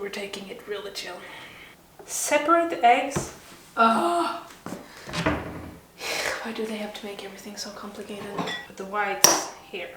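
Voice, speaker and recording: A woman's voice: mid-range voice, fairly bright tone. Chatty woman in a roomy kitchen. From Sweden. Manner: rambling, playful and self-mocking. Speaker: home baking vlogger. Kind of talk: casual chat while cooking. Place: home kitchen. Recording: roomy kitchen with background noise.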